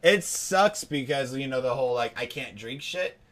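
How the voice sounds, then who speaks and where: Young male comedian co-host, loose rambling delivery, average pitch, unpolished chat. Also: expressive, moderate pace, fairly bright tone. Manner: rambling, laughs often, quotes people in put-on voices. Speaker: podcast co-host. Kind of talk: casual chat.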